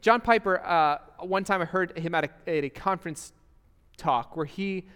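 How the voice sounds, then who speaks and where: Young man, pastor, sermon, earnest conversational preaching, slightly high voice, church reverb. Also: normal speed, a bit bright, smooth. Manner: earnest, conversational preaching with restarts and rhetorical questions. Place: church sanctuary. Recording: hall reverb.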